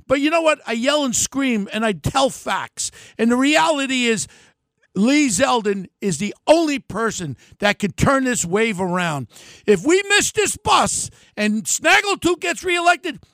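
High, gravelly older New man ranting. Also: sing-song, unhurried, no room sound. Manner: loud, heated, ranting and combative. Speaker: podcast host. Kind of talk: political rant.

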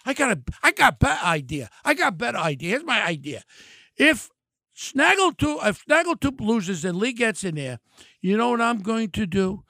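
An older man hosting his podcast, ranting bluntly and heatedly, often shouting insults. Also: high voice, sing-song, normal speed, vocal fry, dry recording, studio quality. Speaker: podcast host. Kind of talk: angry political rant.

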